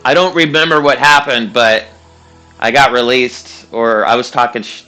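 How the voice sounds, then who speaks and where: Young guy streaming, rambly story full of swearing and uhs, bright voice, quiet music behind. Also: mid-range voice, fairly even intonation, moderate pace. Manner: rambling, profane, laughing, with many fillers. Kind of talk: casual storytelling while gaming.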